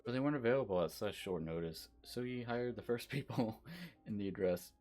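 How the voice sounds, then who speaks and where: A man's voice: on the low side, fairly quick, darkish tone, soft background music, close to an everyday voice. A man voicing a polite, naive young noblewoman in a video game, reading her lines aloud. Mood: chatty.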